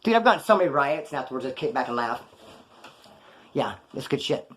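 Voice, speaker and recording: A man's voice: medium pitch, very animated, a little fast, a bit bright. A man casually telling prison stories in a blunt, profane, slang-heavy way, acting out the dialogue. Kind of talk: casual storytelling.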